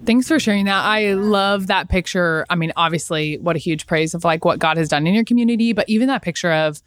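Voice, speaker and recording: Woman group leader, slightly low voice, upbeat and affirming, dry close sound. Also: a little fast, no echo. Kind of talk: facilitating a group discussion.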